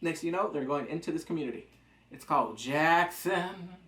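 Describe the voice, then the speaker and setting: A man's voice: fairly high pitch, fairly quick, fairly bright tone. Rambling man recapping a show, roomy echo. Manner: rambling, jokey, acts out quotes. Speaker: TV episode reviewer. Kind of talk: casual recap chat.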